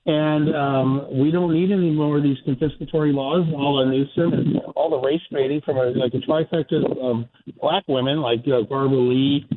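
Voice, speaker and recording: A man's voice: on the high side, steady tone, moderate pace. A man calling into a radio show, giving a heated, rambling opinion. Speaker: caller. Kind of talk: call-in opinion. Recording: phone line.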